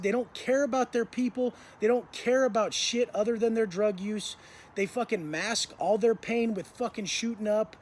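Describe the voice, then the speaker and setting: A man with a notably high voice tells his story in a blunt, intense monologue, swearing freely as he drives his points home. He speaks as a motivational speaker, and a faint hiss sits behind him.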